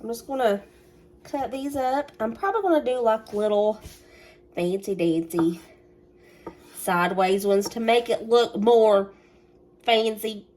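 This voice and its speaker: A woman's voice: fairly high pitch, measured pace, long pauses, darkish tone. Chatty Southern US woman cooking. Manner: chatty and folksy, talking to viewers. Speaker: cooking vlogger. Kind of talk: casual cooking vlog. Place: home kitchen.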